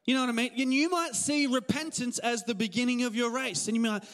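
A male pastor in his thirties with an Australian accent, giving a casual, animated sermon full of stories and laughs. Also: extremely high pitch, quick pace, in a large hall. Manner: conversational, animated storytelling with laughs. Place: church hall.

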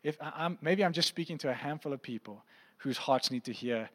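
A man's voice: on the high side, brisk, fairly bright tone. A man preaching a pastoral sermon to a church congregation, talking conversationally and often asking the room questions. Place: church auditorium. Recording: long hall reverb.

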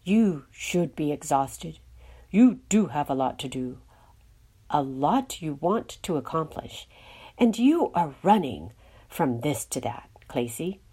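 A woman reading a storybook part as a calm, wise inner voice of the mind, speaking sympathetically. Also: low-pitched, slow pace, gravelly, voice pushed down, exaggerated voice. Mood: sympathetic. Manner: soothing, sympathetic.

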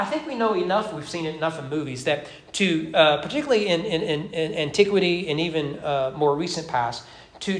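A man preaching an expository sermon at an evening church service, talking conversationally, with wry asides and frequent restarts. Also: a little high. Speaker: pastor. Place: church sanctuary during evening worship.

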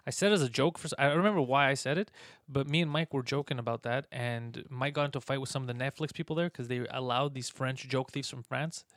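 A man who is a comedian and a podcast guest, telling animated stories in casual chat, swearing often and laughing mid-sentence. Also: mid-range voice, fast, no room sound, studio quality.

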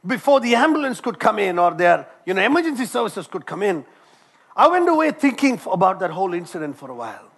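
A man preaches a sermon in a high, animated voice. He tells a personal story as he goes. He often repeats words and starts his phrases over. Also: fast, breathy edge. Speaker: doctor.

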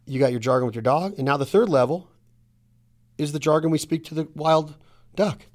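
Man, middle-aged, podcast host, casual hunting talk, emphatic and rambling, slightly high pitch. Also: fairly quick, darkish tone.

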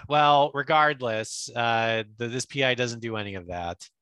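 A young man with a bright, tense voice riffs through a film recap in casual podcast chat. His delivery is animated and full of restarts, and his pitch swings widely. The recording sounds close and dry. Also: takes it slowly, clear, resonant tone, no echo. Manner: animated, riffing with frequent restarts. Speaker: podcast co-host.

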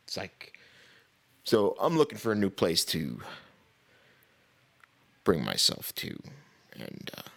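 A man's voice: sits low, huge pitch swings, slow pace, creaky, pauses often, fairly bright tone. A man hosting a podcast, ranting in a casual, blunt, profane way with sarcastic asides and laughs between points. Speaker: podcast host.

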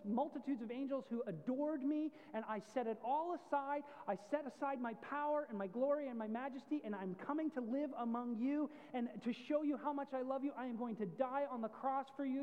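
A man's voice: extremely high pitch, big-room sound, muffled recording, voice pushed up. A man preaching a sermon, speaking as Jesus in an earnest, rising, first-person plea. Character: Jesus, adult man, pleading and loving. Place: church.

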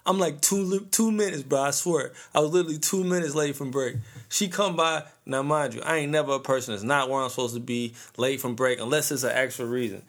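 A man's voice: medium pitch, brisk, a bit bright. A man in his thirties hosting a podcast, ranting casually in a profane, slangy storytelling way. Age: 30s. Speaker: podcast host.

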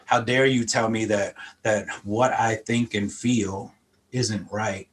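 A man's voice: on the low side, steady tone, takes it slowly, a little hiss or hum. A middle-aged man from Philadelphia giving an earnest personal testimony in an interview, reflective and repeating words as he gathers his thoughts. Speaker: interview guest sharing testimony.

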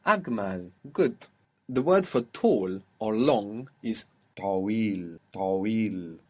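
A man gives a one-on-one lesson in a fairly low voice. He explains patiently, repeats each word slowly and has the learner say it back. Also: lively intonation, darkish tone. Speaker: Arabic teacher.

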